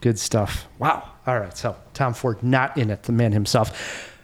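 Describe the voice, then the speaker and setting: A man hosting a casual film review podcast, animated and laughing often as he recounts scenes. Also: mid-range voice, a little slow. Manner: animated, laughs often, mimics actors' voices. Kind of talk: casual movie review chat.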